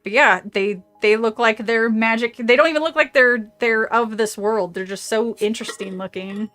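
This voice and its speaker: A woman's voice: fairly high pitch, normal speed, a bit bright, soft background music. A woman streamer chatting casually with her audience, rambling, trailing off into asides and laughing often. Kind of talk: casual livestream chat with audience.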